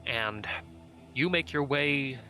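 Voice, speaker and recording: A man acting as game master, narrating a tabletop game in a relaxed, halting way. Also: medium pitch, faint music behind.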